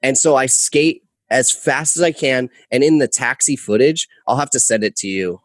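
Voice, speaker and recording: Young man, podcast guest, rambling animated storytelling, casual swearing, mid pitch, dry close mic. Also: moderate pace, no echo. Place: podcast studio.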